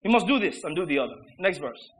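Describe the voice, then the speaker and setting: A man preaching a sermon, emphatic and rhetorical, with mocking repetition that swings between shouted lines and low asides. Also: lively intonation, fast, rough recording.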